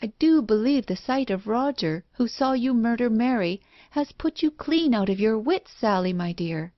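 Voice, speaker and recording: A woman's voice: fairly high pitch, animated, moderate pace, dry recording, voice pushed up, lightly acted. Woman voicing an uneasy, coaxing husband. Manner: gentle, coaxing. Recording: dull lo-fi recording.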